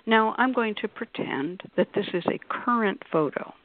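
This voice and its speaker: A woman's voice: medium pitch, expressive, normal speed, no echo. A woman talks through a point on a radio panel in a loose, conversational manner, slipping into little acted quotes as she goes. Her voice comes through a narrow, tinny phone-like line. The sound is dry, with no room around it. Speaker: panelist on a call-in radio show. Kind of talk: explaining on a radio discussion panel.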